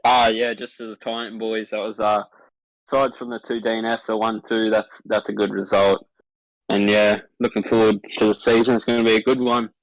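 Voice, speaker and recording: A man's voice: on the low side, level tone, brisk, no room sound, poor audio. A man answering post-race interview questions as the winning driver, laid-back with short casual answers. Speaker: winning sim racing driver.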